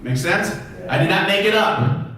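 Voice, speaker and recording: A man giving a motivational talk as a therapist, animated, firing rhetorical questions at the audience. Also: high voice, normal speed. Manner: animated, acts out quoted voices, fires rhetorical questions. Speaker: therapist and public speaker. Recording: echoey hall, voice from far off.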